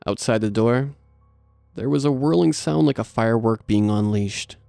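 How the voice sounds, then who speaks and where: A man narrating a horror story in a steady, measured read. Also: medium pitch, vocal fry, dry recording, clean studio sound, faint music behind.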